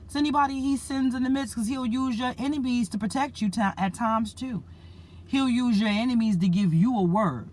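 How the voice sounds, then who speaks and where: A woman's voice: fairly high pitch, moderate pace, darkish tone. A woman preacher earnestly retelling a dream to her listeners, repeating herself and calling them family. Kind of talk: spoken religious message.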